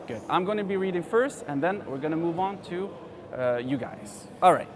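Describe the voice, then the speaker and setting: A man's voice: sits high, expressive, moderate pace, crowd noise. A man from Algeria hosting a reading lesson, reading a story aloud to children in a friendly, encouraging way. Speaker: teacher and show host.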